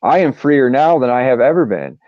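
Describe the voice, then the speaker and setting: A man's voice: medium pitch, lively intonation, normal speed, no echo. A man on a video call, speaking humbly and reflectively and often repeating himself. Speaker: panel member. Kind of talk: casual group chat on a call. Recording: dull lo-fi call audio.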